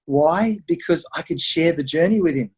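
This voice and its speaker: A middle-aged Australian man, a podcast guest, telling stories in an animated, conversational way and acting out the voices of the people he quotes. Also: fairly high pitch, normal speed, husky. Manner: animated storyteller who acts out quoted voices. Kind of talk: conversational interview storytelling.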